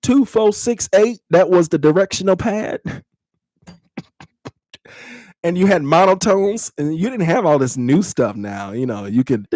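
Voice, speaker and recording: A man's voice: on the high side, expressive, measured pace, pauses often, darkish tone, no room sound, studio quality. Blunt, teasing man ranting on a podcast. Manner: blunt, teasing, laughs often, repeats phrases. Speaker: podcast host. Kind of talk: casual ranting podcast chat with live chat.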